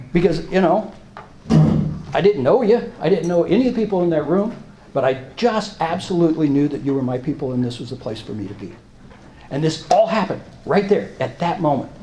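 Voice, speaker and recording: A man shares his personal recovery story at a meeting, stumbling over words and repeating himself as his feelings rise and fall. His voice sits a little high. The room is echoey, with faint ambience behind him. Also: warm tone, slight background noise. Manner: halting, repeats words, emotional swings. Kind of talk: personal testimony talk.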